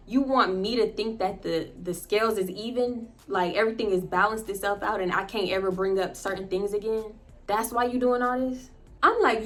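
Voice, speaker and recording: Woman, vlogger, casual storytime chat, animated, speaks directly to viewers, laughs often. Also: mid-range voice.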